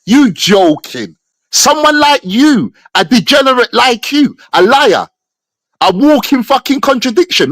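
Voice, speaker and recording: A combative man with a very high speaking voice trades insults on a livestream panel, his tone swinging widely up and down as he mocks. The audio is close and completely dry. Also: sing-song, measured pace, a bit bright, no room sound. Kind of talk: heated live panel argument.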